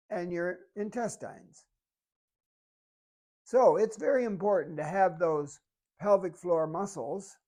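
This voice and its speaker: Demonstrating the moves as she goes, a fitness instructor coaches exercises calmly, step by step, in a medium-pitched voice.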